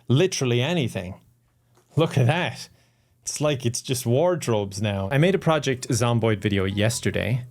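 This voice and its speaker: A man's voice: medium pitch, a little mellow. Self-mocking young man vlogging casually. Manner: self-mocking, rambling, laughs often. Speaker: YouTuber. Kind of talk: casual vlog talk to camera. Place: at home, indoors and outdoors. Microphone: phone camera.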